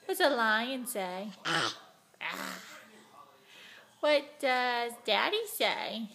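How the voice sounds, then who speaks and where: A young woman at home, coaxing her toddler to name body parts and animal sounds in a slow, encouraging sing-song. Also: a little high, sing-song, pushed and bright. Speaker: mother. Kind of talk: coaxing a toddler through words.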